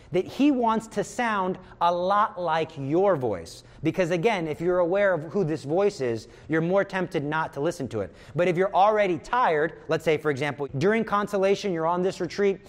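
A man giving a conversational retreat talk, acting out inner voices as he explains. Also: high voice. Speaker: retreat speaker.

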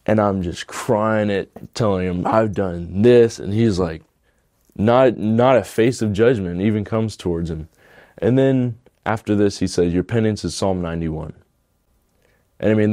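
A young man with a low, mellow voice shares his personal testimony, recorded cleanly in a studio with no echo. He is earnest and emotional, rambling casually and filling his speech with "like."

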